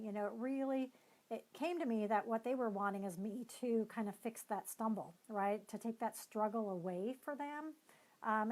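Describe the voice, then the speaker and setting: A woman's voice: mid-range voice, rough recording. A woman who is a neuropsychologist and team coach, giving a live-streamed motivational talk in a conversational, explanatory way with frequent hedging fillers.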